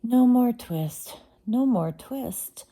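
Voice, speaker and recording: A woman's voice: a little high, expressive, extremely slow, warm tone, pitched above the performer's own voice, heavily acted. Woman voicing a fretful old tailor, mumbling. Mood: feverish. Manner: mumbling, lamenting. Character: poor old male tailor, anxious and fretful.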